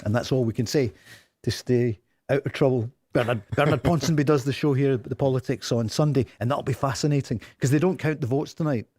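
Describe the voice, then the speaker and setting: Chatty Scottish radio football host. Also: male voice, mid-range voice, a little mellow, no echo, clean studio sound. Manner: chatty, jokey, fast-moving presenter. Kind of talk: live radio football chat. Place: radio studio with live audience.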